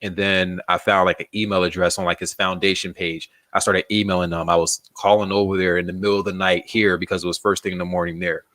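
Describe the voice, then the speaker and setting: A man with a very low voice tells a story as an interview guest, loose and casual, with a swear here and there. The sound is dry and close, with hardly any room around it. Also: little pitch movement, fast, few pauses, a bit bright, no room sound. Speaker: magazine founder, guest.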